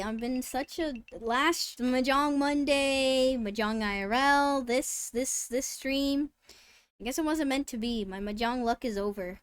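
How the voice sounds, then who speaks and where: A woman streaming live, chatting casually with her viewers, bubbly and easily excited, then dropping to soft mutters. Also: fairly high pitch, dry recording. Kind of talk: casual live-stream chat, reading chat aloud.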